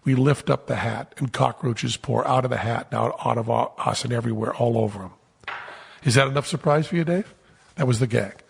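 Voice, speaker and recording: A man casually telling a lively anecdote as a podcast host, acting out the quotes. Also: medium pitch, vocal fry, slightly rough, in a large hall. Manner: animated storyteller, acts out quotes.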